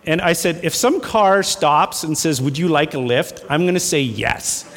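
A man delivers a sermon, hammering points home through repetition and slipping into a relaxed, folksy storytelling voice. His voice sits a little high for a man. The sound carries the long reverb of a hall. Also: moderate pace, a little hiss or hum. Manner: emphatic, repeats phrases for effect; folksy storytelling with fillers and laughs. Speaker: pastor.

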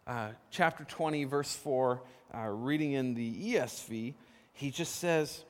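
A man preaching a sermon, telling a story with lively emphasis and posing questions to the congregation. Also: mid-range voice, a little slow. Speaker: pastor. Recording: long reverb of a large hall.

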